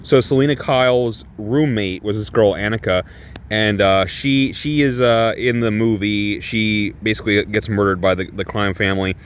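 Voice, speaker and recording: A man's voice: on the low side, normal speed, a little hiss or hum. A man casually reviewing a comic book, rambling with many restarts and some swearing. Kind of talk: casual review while reading aloud.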